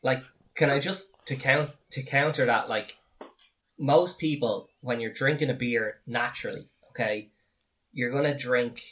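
An Irish man chatting on a beer podcast in a clear, bright voice. He rambles through his points, teases his co-hosts and swears when he gets riled up. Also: medium pitch. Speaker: podcast co-host. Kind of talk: casual beer-tasting chat.

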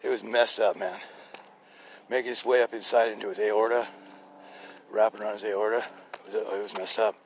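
Chatty man telling a story, hushed and loud by turns. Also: on the low side, fairly quick, pauses often, a little hiss or hum. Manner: chatty, laughs often, drops to hushed murmurs and bursts into loud excited quotes. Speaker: podcast host telling a testimony. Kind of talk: rambling casual storytelling. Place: outdoors in a neighborhood, birds and a dog nearby.

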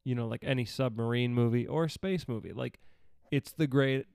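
Casual young man with a gravelly voice. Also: mid-range voice, normal speed, a little mellow, no echo, studio quality. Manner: rambling, swears casually, teasing. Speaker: podcast co-host. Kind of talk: casual chat reviewing a TV show.

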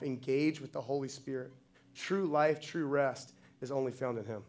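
A man's voice: mid-range voice, normal speed, darkish tone. A man preaching a sermon with passion, building to emphatic, repeated lines. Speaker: pastor.

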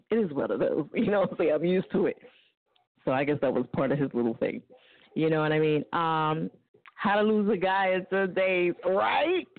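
A woman hosting a casual call-in radio show, joking loudly and laughing often. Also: on the low side, dry recording. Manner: loud, joking, laughs often, puts on voices for quotes. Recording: tinny phone-line sound, dry.

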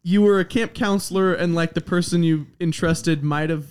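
A man's voice: on the high side, steady tone, moderate pace, darkish tone, slight background noise. A man in his twenties hosting a casual podcast, teasing his guests and laughing often. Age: 20s. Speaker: podcast host. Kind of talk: casual chat.

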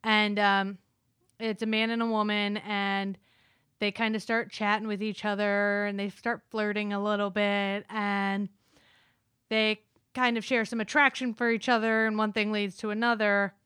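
A woman's voice: medium pitch, little pitch movement, a little slow, a bit bright, clean tone, no room sound, studio quality. A woman co-hosting a casual movie review chat, retelling scenes with lots of fillers and quoted lines. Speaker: podcast co-host.

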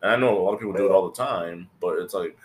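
A man's voice: low-pitched, fast, echoey room, a little hiss or hum. A man hosting a podcast in casual, profane chat, rambling and acting out what his friends said. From California. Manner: rambling, swears a lot, acts out quoted friends. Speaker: podcast host.

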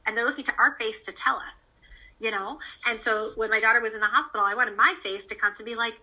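Female interview guest, a mother; earnest, animated, loose with fillers; bright, tense tone. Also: on the high side, fast talker, low-quality recording. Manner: earnest, animated storyteller with many fillers and restarts. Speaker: guest, parent of a child cancer survivor. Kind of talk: candid conversational interview.

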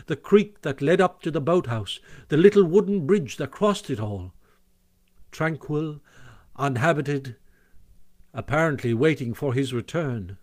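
A man reading a classic storybook aloud as narrator, expressive and animated, on a close microphone. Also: on the high side, no room sound. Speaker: audiobook narrator.

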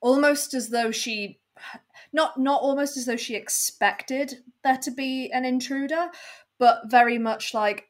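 A woman in casual chat about a TV episode, measured and hesitant, with many ums and frequent laughs. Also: high voice.

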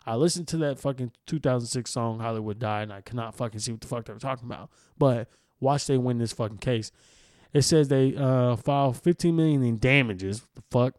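A young man hosts a solo podcast, reading news aloud and then ranting about it with heavy profanity. His mid-range voice moves at normal speed and is a little mellow, recorded with clean studio sound and no echo.

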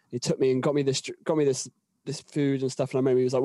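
A man's voice: medium pitch, level tone, rapid-fire, dark tone, dry recording. A young British man, a touring musician, telling a rambling anecdote in casual chat, repeating words as he goes. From Britain.

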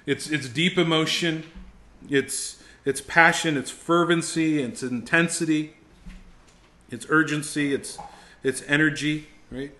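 A man's voice: fairly high pitch, fairly even intonation, measured pace, sharp tone. A middle-aged man teaching a ministry school class on preaching, emphatic and intense, often repeating words as he restarts sentences. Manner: intense, emphatic, rising to fervent exhortation; frequent word repetitions and restarts.

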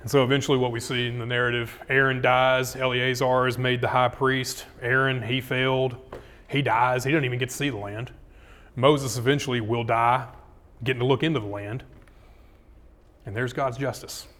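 A man preaching a casual, jokey sermon, acting out scripture quotes with dramatic swings in loudness and pitch. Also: little pitch movement, normal speed. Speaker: pastor.

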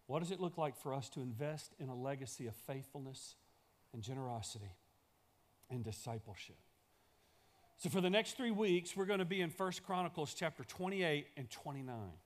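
A man's voice: on the high side, expressive, normal speed. A male pastor delivering a sermon in a church, building emphasis through repeated phrases.

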